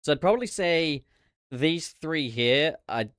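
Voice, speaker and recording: A man hosting a casual livestream chat, swearing freely and throwing in quick asides. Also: a little high, lively intonation, a bit bright, clear, resonant tone, no echo, clean studio sound. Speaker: podcast host.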